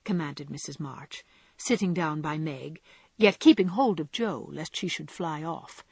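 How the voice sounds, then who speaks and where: A woman narrating an audiobook in a measured, expressive way. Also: low-pitched, slightly rough, dry recording.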